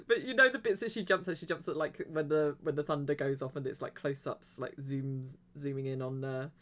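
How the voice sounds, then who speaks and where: Giggly, chatty woman streaming a game. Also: sits low. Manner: chatty and rambling, giggles often. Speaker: livestreamer. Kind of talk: casual chat while streaming a game.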